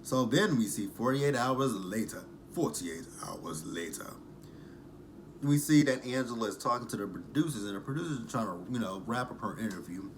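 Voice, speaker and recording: A man's voice: mid-range voice, fairly quick, few pauses, a little hiss or hum. Sarcastic, chatty man recapping TV. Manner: chatty, sarcastic, uses profanity. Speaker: reality TV recap host. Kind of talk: casual reaction vlog.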